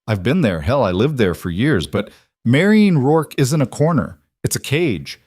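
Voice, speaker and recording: Guy doing a calm rancher, low and quiet, just matter of fact. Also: moderate pace, dry recording, studio quality. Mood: intense.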